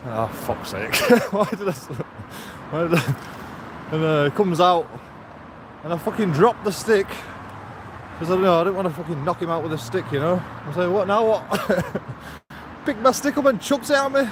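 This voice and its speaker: A man's voice: high-pitched, lively intonation, normal speed. A man chatting casually as he walks a city street, rambling, swearing and laughing often. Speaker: street vlogger. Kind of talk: casual walking commentary. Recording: loud traffic noise outdoors.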